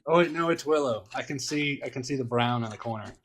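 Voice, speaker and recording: A man's voice: medium pitch, fast, a bit bright, a little hiss or hum. A man co-hosting a casual livestream chat from home over a call, loose and jokey, swearing freely. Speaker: co-host.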